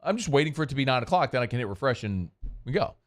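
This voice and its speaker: A man's voice: mid-range voice, sing-song. A man hosting a sports radio show, chatting loosely about sports and doing a live ad read. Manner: chatty, loose, quick asides.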